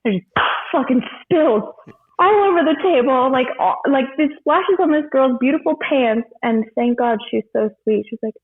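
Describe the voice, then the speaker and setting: A woman guest chatting casually about her bartending work, animated, laughing often and swearing freely. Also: high-pitched, moderate pace, slightly rough. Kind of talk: casual chat. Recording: tinny phone-like line.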